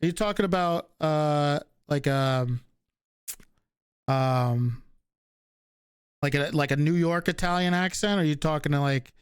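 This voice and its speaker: A man's voice: on the high side, a little slow, long pauses, smooth, dry recording, studio quality. A man from the Northeastern US with a slight regional accent, chatting casually with stream viewers, reading out their questions and answering offhandedly with casual swearing. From Northeastern United States.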